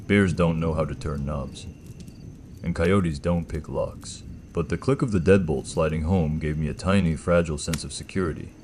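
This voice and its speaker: A man with a slight gravel in his throat, telling a first-person horror story in a slow, measured, ominous way. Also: very deep voice, darkish tone, a little hiss or hum.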